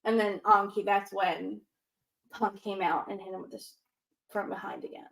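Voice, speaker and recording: A woman co-hosting a casual livestream, retelling things with animated energy and acting out quotes. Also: medium pitch, normal speed, creaky. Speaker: co-host.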